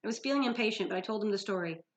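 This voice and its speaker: A woman teacher reading a novel aloud to her class in an expressive storytelling manner, with small slips. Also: medium pitch, rapid-fire.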